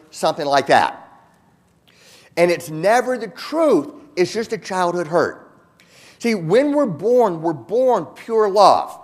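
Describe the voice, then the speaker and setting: A man giving a motivational keynote talk to a large audience, earnest and emphatic, repeating words and slowing down for key points. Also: high voice. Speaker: keynote speaker. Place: large conference hall.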